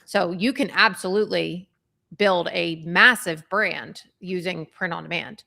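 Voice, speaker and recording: A young woman co-hosts a livestream in casual chat, and her voice has a bright, forward edge. She carries a gravelly fry and fills her talk with frequent ums and likes. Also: fairly low pitch, unhurried. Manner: conversational with frequent fillers. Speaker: livestream co-host.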